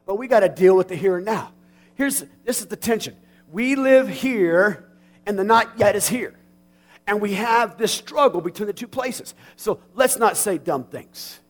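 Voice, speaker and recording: High-voiced, fiery man in his forties preaching. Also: lively intonation, moderate pace. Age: 40s. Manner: swings from quiet and intimate to shouting with passion; folksy, plain-spoken. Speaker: pastor. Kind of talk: sermon.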